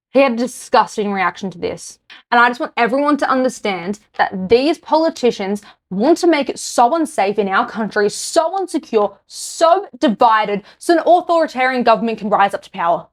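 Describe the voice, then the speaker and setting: A woman's voice: on the high side, animated, normal speed. An Australian woman, a podcast host, delivering an angry, blunt political rant to camera. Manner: heated, exasperated, speaks her mind bluntly.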